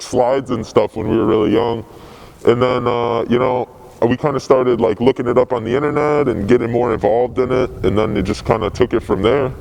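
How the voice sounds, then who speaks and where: A man's voice: medium pitch, gravelly, darkish tone, poor audio. A young man, a graffiti writer telling stories in a casual interview, laid-back, rambling and full of swearing.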